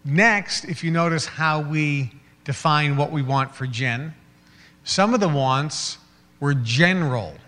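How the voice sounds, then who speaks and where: A man's voice: on the high side, slow, sharp tone, long reverb tail. A man giving a motivational seminar talk, acting out little scenes in quoted voices and laughing along with them. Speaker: motivational speaker.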